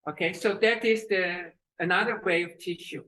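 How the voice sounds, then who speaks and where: A woman teaching children's breathing exercises and telling a story, with halting speech and fillers. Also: on the low side, fairly bright tone, rough recording. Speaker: kids yoga teacher.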